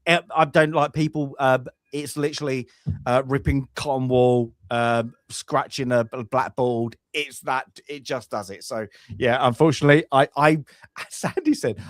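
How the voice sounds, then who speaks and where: Male podcast co-host, animated and exasperated, halting delivery full of restarts, dry recording. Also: medium pitch, dry recording. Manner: halting, restarts and repeats words while ranting. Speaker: film review podcast co-host. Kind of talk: casual chat.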